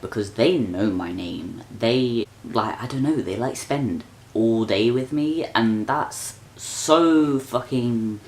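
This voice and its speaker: A man's voice: fairly low pitch, creaky, a little hiss or hum. A young man, talking straight to camera in an exasperated, sweary rant for his vlog. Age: young adult. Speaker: vlogger.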